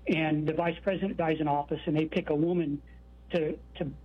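A man's voice: on the high side, steady tone, fairly quick, breathy edge. A man calling in to a radio show, earnest and rambling. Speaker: caller. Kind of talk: phone-in call. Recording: tinny phone line.

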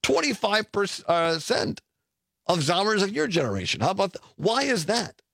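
Lively middle-aged male radio host. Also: sits high, moderate pace, gravelly, dry recording, studio quality. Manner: animated, chuckling, self-correcting. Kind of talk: casual talk radio chat. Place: radio studio. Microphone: studio mic.

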